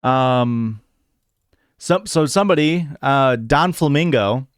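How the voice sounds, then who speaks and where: A man's voice: mid-range voice, animated, slow, smooth, no room sound, clean studio sound. A man hosting a podcast in a casual livestream chat, rambling and hesitant, full of "like" and "um" fillers. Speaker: podcast host.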